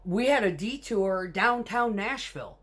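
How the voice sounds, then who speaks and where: A woman's voice: mid-range voice, expressive, a little slow. A woman, a concrete mixer truck driver, telling work stories in a blunt, casual way full of swearing. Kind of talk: casual storytelling.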